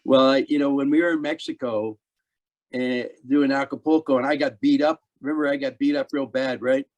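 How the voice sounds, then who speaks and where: A man's voice: mid-range voice, fairly even intonation, brisk, lo-fi sound. Man laughing through old memories. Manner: laughs through his stories. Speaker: actor guest. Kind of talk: casual reminiscing conversation.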